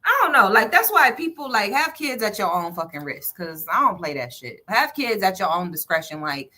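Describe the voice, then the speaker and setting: A woman's voice: medium pitch, big pitch swings, moderate pace, bright, forceful tone. A woman co-hosting a radio talk show, speaking frankly and opinionatedly, swearing freely. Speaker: co-host.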